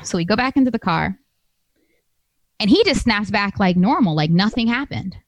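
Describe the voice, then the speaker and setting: A woman's voice: medium pitch, expressive, moderate pace, no echo. A woman telling a personal story to an audience, conversational and emphatic, acting out the voices of the people she quotes. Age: adult with a master's degree.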